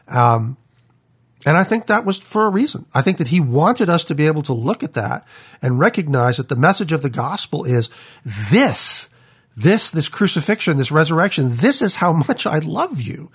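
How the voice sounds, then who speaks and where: Husky man musing aloud about faith. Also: on the high side, very animated, moderate pace. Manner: reflective, thinking aloud with fillers. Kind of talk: casual faith conversation.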